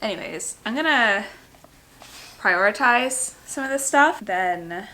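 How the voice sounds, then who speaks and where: A woman's voice: mid-range voice, animated, slow, pushed and bright. A young woman vlogging at home, chatting casually to the camera with lots of "like" and asides to her dog. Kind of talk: casual vlog chat to camera. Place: at home indoors.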